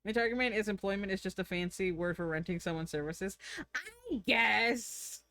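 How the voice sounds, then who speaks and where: A woman's voice: on the low side, quick pace. A young woman streaming, chatting casually and giggling while she draws and reads chat. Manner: chatty, giggly, thinks aloud.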